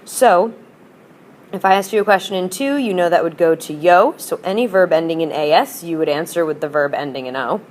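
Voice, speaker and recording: Leading a language lesson, a woman switches back and forth between English and Spanish and drills with patient repetition. Her voice is fairly low and a little mellow, her pace brisk, and there's slight noise in the background.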